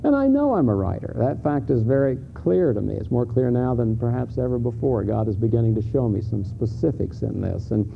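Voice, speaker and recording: A man's voice: mid-range voice, animated, brisk, creaky, few pauses. A middle-aged man, a pastor, preaching a sermon in a candid, conversational way, stumbling over restarts and rising to emphatic peaks. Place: church sanctuary. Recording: phone-like lo-fi sermon recording with faint hiss.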